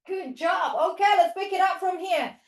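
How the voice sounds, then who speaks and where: Woman, children's yoga teacher. Bright, high voice, playful and sing-song, in an echoey studio. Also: normal speed. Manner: playful sing-song cues with barking and animal noises; encouraging step-by-step instruction. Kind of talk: leading a playful toddler yoga class. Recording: echoey room.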